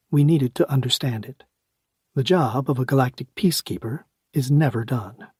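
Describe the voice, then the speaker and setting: A man's voice: mid-range voice, a little mellow, slightly rough, no echo, clean studio sound. A man narrating a science fiction audiobook in the first person, wry and conversational.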